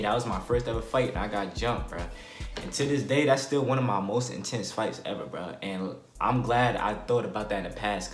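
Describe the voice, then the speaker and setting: A young man telling a personal storytime vlog in casual slang, acting out quotes and sound effects. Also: on the low side. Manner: animated retelling, acts out quotes and sound effects. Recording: echoey room with faint music.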